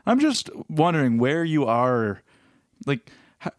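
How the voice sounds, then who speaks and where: A man's voice: mid-range voice, big pitch swings, dry recording. Man, podcast co-host, casual chat, teasing, laughs often, dry sound. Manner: jokey, teasing, quick laughs.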